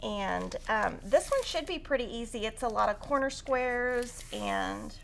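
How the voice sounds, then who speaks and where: A woman's voice: a little high, very animated, unhurried, gravelly, a little hiss or hum. A woman teaching a quilting tutorial on a live stream, chatty and upbeat as she talks through cutting fabric. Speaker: quilting instructor.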